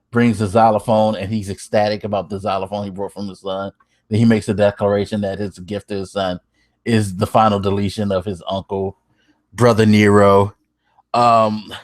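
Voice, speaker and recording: A man hosting a podcast, recapping wrestling in casual chat. He gets excitable, swears freely and laughs as he tells it. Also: mid-range voice. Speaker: podcast host.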